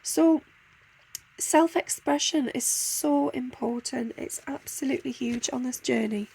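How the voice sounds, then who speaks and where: A woman gives a channelled spiritual card reading in a high voice with a gravelly, creaky edge. Her tone is mellow rather than bright, and her delivery is soft and heartfelt. She pauses often and restarts her sentences.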